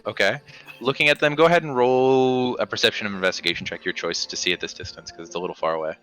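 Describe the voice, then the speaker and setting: A man's voice: fairly low pitch, fast talker, music in the background, rough recording. A man narrating as dungeon master of a tabletop game, describing scenes with frequent ums and restarts. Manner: descriptive, hesitant with many ums.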